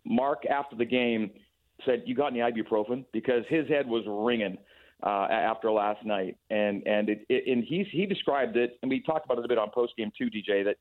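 A man's voice: mid-range voice, a little fast. A man talking over a sports radio phone line, thoughtful and full of restarts and repeated words. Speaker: radio play-by-play guest. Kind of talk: sports radio call-in chat. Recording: tinny phone-line sound.

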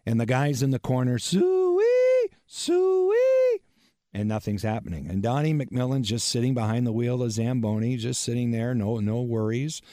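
A man's voice: medium pitch, mellow, dry recording, clean studio sound. A man who worked as a radio broadcaster recounting a story, acting out the announcements in it. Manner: measured storytelling with acted-out announcements. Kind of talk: anecdote.

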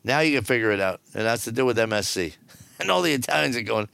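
Gravelly, lively ranting man host. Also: medium pitch, fast, no echo. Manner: ranting, sarcastic, animated. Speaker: podcast host. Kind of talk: opinionated solo podcast.

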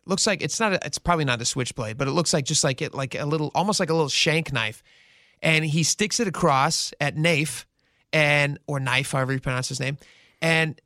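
A male radio host telling a news story in casual, animated talk and acting out the quotes. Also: a little high, vocal fry, no echo, clean studio sound.

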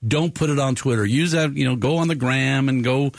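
A man's voice: medium pitch, a little fast, gravelly, no room sound. A man hosts a sports talk radio show from a studio, speaking in a mid-range voice. He rambles with enthusiasm, restarting sentences as he goes. The sound is close and dry, with no room around it.

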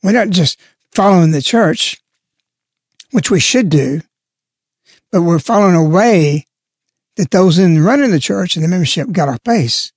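A man's voice: sits high, expressive, a little slow, long pauses, husky, dry recording, studio quality. A man giving a spoken religious reflection, stressing and repeating key words as he explains. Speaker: lay religious speaker.

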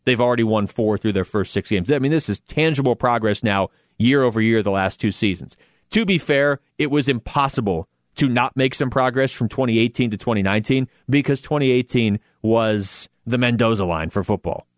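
A man's voice: mid-range voice, a little fast, no echo, studio quality. A man hosting a sports talk show, chatting casually and animatedly about a football team's playoff chances with self-deprecating asides. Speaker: sports radio host.

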